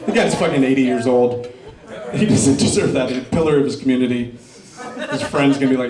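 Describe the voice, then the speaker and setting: A middle-aged man performing a stand-up comedy set, doing crowd work and dropping deadpan dark punchlines on a club stage. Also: mid-range voice, a little fast. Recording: roomy club sound, mic picked up from a distance.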